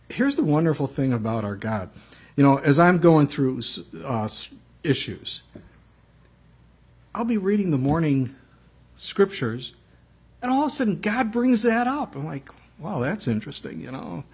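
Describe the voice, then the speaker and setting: A pastor preaching a conversational sermon, reading scripture and telling stories with frequent asides to the congregation. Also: male voice, on the high side, sing-song, moderate pace, a little mellow, husky.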